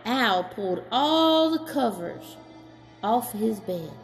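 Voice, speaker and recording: A woman reading a children's story aloud as storyteller, gentle and slow, chatting to a child in between. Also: on the high side, expressive, faint music behind.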